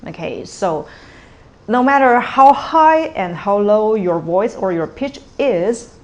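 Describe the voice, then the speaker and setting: A woman teaching a language lesson at a slow, deliberate pace, often checking in with "okay" and "all right". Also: mid-range voice, darkish tone. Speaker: Cantonese teacher.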